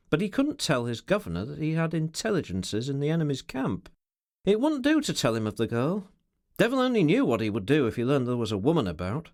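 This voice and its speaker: Expressive male audiobook narrator. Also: on the high side, no room sound, studio quality. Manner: expressive storytelling reading. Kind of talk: scripted narration.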